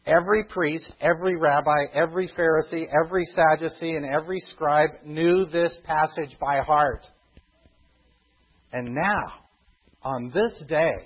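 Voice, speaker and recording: A man preaching a sermon, emphatic, slowing down for scripture quotes and dropping low for quiet asides. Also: husky, lo-fi sound. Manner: emphatic, slows for quotations, drops to quiet asides. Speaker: pastor.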